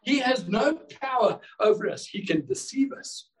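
A man's voice: very high-pitched, lively intonation, moderate pace, far from the mic, low-quality recording. A male pastor preaching a sermon in a church service, fervent and exclamatory, often repeating words as he builds a point.

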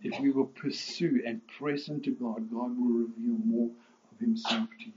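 A man preaching with fervent, rising emphasis at a middling pitch, stumbling and restarting as he builds his points. The recording sounds a little dull and lo-fi, like a church service captured on modest gear. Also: steady tone, moderate pace, darkish tone, slight background noise. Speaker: pastor. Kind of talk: sermon.

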